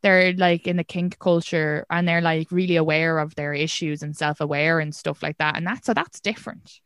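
A woman's voice: low-pitched, steady tone, moderate pace, a bit bright, clean tone, no echo, clean studio sound. A woman hosting a podcast, chatting casually and saying "like" a lot. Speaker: podcast host. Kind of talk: casual chat.

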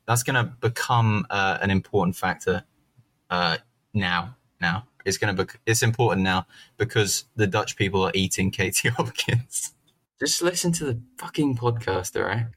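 Man, comedy podcast co-host, low voice, bright edgy tone, rambling irreverent delivery. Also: normal speed, breathy edge, dry recording. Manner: irreverent, swearing, rambling with fillers. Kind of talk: casual comedic chat.

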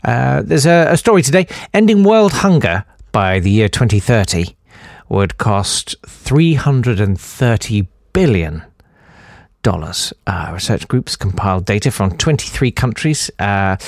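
A man's voice: medium pitch, very animated, unhurried, gravelly, dry recording, clean studio sound. A man hosting a comic news podcast, sarcastic and rambling with lots of ums. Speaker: podcast host.

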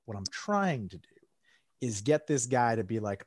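A man's voice: medium pitch, expressive, a little fast, no echo, studio quality. A man chatting casually on a podcast, telling a long, profane story full of "like" and acted-out quotes.

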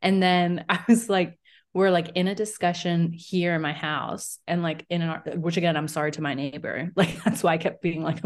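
A woman's voice: on the low side, fairly even intonation, normal speed. A woman co-hosting a podcast in casual chat, telling stories with lots of "like" and acted-out quotes. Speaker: podcast co-host.

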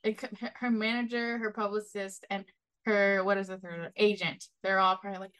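Bright-voiced woman chiming in. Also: mid-range voice, flat delivery, clear, resonant tone, rough recording. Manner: quick interjections, eager agreement. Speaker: podcast co-host. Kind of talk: casual chat.

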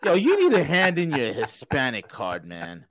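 A man's voice: medium pitch, huge pitch swings, moderate pace, dry recording. A man hosting a casual political podcast, bantering in a sarcastic, mocking way. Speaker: podcast host. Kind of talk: casual political talk show.

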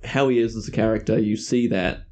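A man's voice: on the low side, a little fast, warm tone, lo-fi sound. A man guest on a podcast, chatting casually about a film with short, dry remarks.

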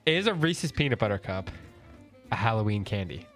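A man's voice: fairly low pitch, sing-song, moderate pace, soft background music. Joking podcast host, man. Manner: joking, hesitant, questioning. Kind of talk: casual chat.

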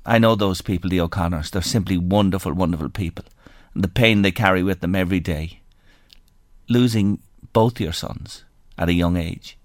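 An Irish man hosts a radio phone-in, his voice sitting low and earnest. He speaks sympathetically and reads listeners' messages aloud. The studio sound is close and dry. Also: dry recording. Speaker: radio talk show host. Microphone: studio microphone.

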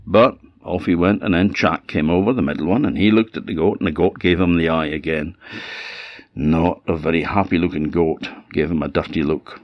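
A man with an Orcadian Scottish accent telling a folk tale in a relaxed, conversational way. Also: low voice, normal speed, no echo, highs cut off. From Orkney, Scotland. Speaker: storyteller. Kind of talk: oral folk storytelling.

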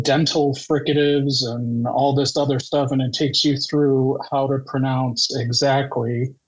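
Man, ex-actor, casual podcast chat, slow explaining, flat monotone delivery. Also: medium pitch, low-quality recording.

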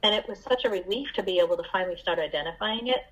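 A middle-aged woman giving a candid, halting personal share at a recovery meeting, with many fillers and restarts. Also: mid-range voice, a bit bright, husky, highs cut off.

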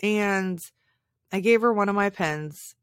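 A woman's voice: medium pitch, slow, smooth, no echo, studio quality. A woman hosting a podcast, telling a personal story in an emotional, heartfelt way. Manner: emotional, heartfelt, tearful at times. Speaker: podcast host.

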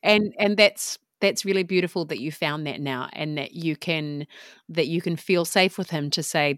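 Brief: female interviewer, low-ish voice, gentle and affirming, dry close sound. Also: moderate pace, no echo. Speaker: podcast host.

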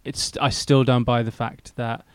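A man's voice: medium pitch, level tone, measured pace, smooth, no room sound. A man co-hosting a podcast, chatting casually and laying out theories in a laid-back way. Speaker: podcast co-host. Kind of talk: casual chat.

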